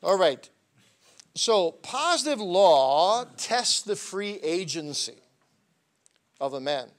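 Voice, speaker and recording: A man lecturing at a seminary, telling stories animatedly and swinging between soft asides and loud, emphatic points. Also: high voice, big pitch swings, slow. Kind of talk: classroom lecture.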